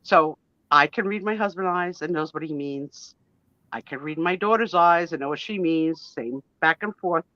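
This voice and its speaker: A woman's voice: deep voice, moderate pace, a bit bright, no room sound. A woman in her fifties, a guest on a live chat show, telling a story in a gushing, emotional, chatty way with mild swearing. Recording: dull lo-fi, dry sound.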